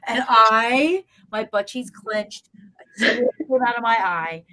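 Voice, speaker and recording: A woman's voice: on the high side, unhurried, rough recording. A woman telling a ghost-hunting story in casual chat, acting out the voices of everyone in it. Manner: animated, acts out voices in her story. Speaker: guest paranormal investigator.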